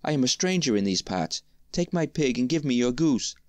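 A man's voice: medium pitch, animated, normal speed, no echo, lightly acted. A man voicing Hans, a cheerful, simple-minded young man, in a storybook reading, with an eager, raised voice. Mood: naive, delighted.

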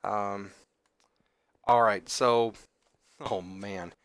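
A man hosting a gaming channel, chatting casually as he plays, excitable and chatty, often exclaiming. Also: fairly low pitch, drawn-out words, smooth. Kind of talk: casual game commentary.

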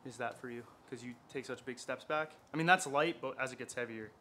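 A man coaching and joking with friends during a gym workout, laughing often and swinging between loud bursts and low mutters. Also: brisk, a little hiss or hum. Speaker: jump coach. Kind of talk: casual gym vlog chat.

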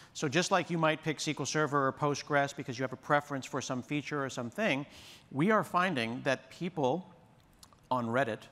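On a conference stage, a presenter gives a chatty, enthusiastic demo talk and calls himself a yapper. His voice is medium-pitched and a bit bright, and the recording carries long hall reverb.

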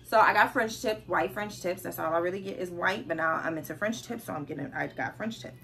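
A woman's voice: lowish voice, brisk, creaky, pushed and bright, slight background noise. A young woman vlogging casually, telling a story and acting out the quoted dialogue with lots of animation.

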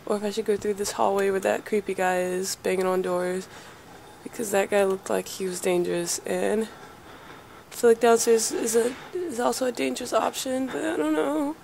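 A woman's voice: medium pitch, fairly even intonation, normal speed, gravelly, darkish tone, slight background noise. A woman giving let's play commentary on a horror game, nervously muttering and swearing to herself as she plays.

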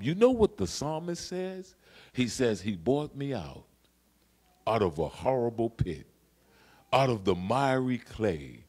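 A male pastor preaching a sermon in a church, swinging between shouted declarations and low, quiet lines, and repeating key phrases for emphasis. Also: big pitch swings, takes it slowly, breathy edge. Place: church sanctuary.

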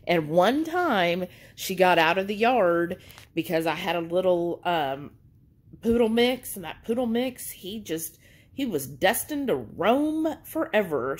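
A woman vlogger chats to her viewers in a husky, slightly breathy voice. Her talk is animated and full of storytelling asides. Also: on the low side, poor audio. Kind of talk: casual chat to camera.

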